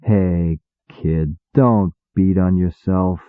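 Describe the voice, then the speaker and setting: Gruff slangy demon guy , man reading him, dry dead sound, low-ish. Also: animated, normal speed, no echo, close to an everyday voice. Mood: gentle. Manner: brusque, slangy, blunt. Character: impatient wisecracking male demon mentor. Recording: tinny phone-like dry sound.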